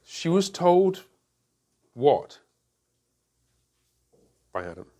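A man's voice: a little high, very animated, drawn-out words, dark tone. A man leading a Bible study group. He asks the group questions and explains each point step by step, using everyday examples.

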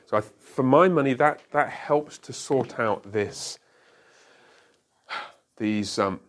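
A man's voice: medium pitch, takes it slowly, a bit bright. A middle-aged man, a pastor, teaching a church class in a conversational way and often checking that listeners follow.

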